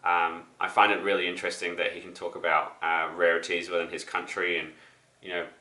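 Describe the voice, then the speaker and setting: A man's voice: low voice, little pitch movement, brisk, bright, forceful tone. A young New man who sounds a little sick, vlogging casually about records with lots of ums and restarts. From New Zealand. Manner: rambling, many ums and restarts. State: slightly sick voice. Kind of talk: casual vlog to camera. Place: apartment. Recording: echoey room.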